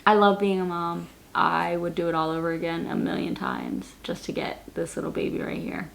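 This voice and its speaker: A vlogger in her late twenties answers viewer questions straight to camera in a casual Q&A, rambling, repeating words and saying "like" a lot. Her voice sits on the low side with lively intonation, vocal fry and a moderate pace.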